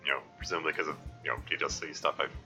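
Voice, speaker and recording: A man streaming a game live, reading messages aloud and answering chat in a rambling, halting way. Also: a bass voice, steady tone, sharp tone, soft background music. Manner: rambling, halting, full of restarts.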